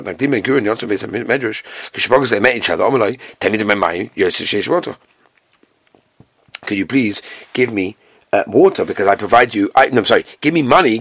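A man teaching a Talmud class with Yeshivish Ashkenazi Hebrew pronunciation, reading the text and telling the story with animated storytelling. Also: no echo, clean studio sound. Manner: animated storytelling, acting out characters with big jumps in pitch.

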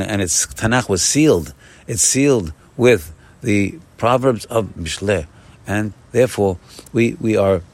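Man giving an animated morning Torah talk. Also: lowish voice. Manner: warm repetitive exhortation, often saying "my friends"; animated, rising bursts of emphasis. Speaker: Torah teacher.

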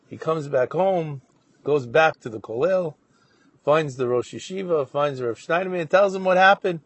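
A man telling a moral story as a Torah lesson, narrating with animated questions and voiced quotes. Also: on the high side, measured pace, breathy edge. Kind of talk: storytelling sermon.

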